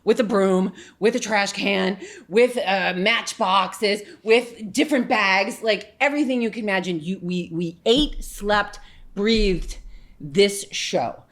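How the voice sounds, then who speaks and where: A woman from upstate New York, a podcast guest telling stories in an animated way and acting out the voices of others with big swings in pitch and loudness. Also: slow. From upstate New York, USA. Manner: lively, acts out quotes with big jumps in pitch and volume. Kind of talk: animated storytelling in a podcast interview.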